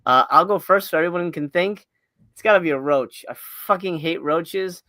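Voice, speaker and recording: A man's voice: fairly high pitch, moderate pace, pushed and bright, no room sound. A man from Miami hosting a casual podcast chat over a remote call, joking and swearing with plenty of fillers. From Miami, United States. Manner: profane, joking, filler-heavy.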